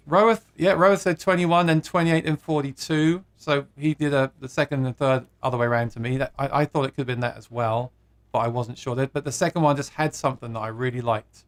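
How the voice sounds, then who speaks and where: A man's voice: medium pitch, fairly even intonation, brisk. A man hosting a live guitar stream, chatting casually, reading viewer comments aloud and laughing at his own jokes.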